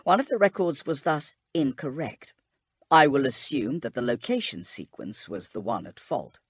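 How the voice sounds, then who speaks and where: A grave, secretive inquisitor, as a male narrator plays him, speaking in a husky, measured way. His delivery rises and falls as he reasons things out, recorded dry and close for an audiobook. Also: medium pitch, animated, dry recording, voice pushed up. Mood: explaining.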